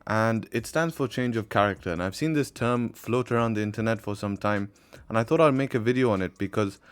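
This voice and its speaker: Chatty man teaching trading. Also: medium pitch. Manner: chatty, loose, with fillers and self-corrections. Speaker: trading educator and channel host. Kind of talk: casual trading tutorial.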